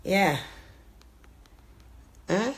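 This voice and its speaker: A woman's voice: mid-range voice, lively intonation, extremely slow. Woman with a Jamaican accent, ranting. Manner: heated, profane, venting. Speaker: vlogger. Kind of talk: angry storytelling rant.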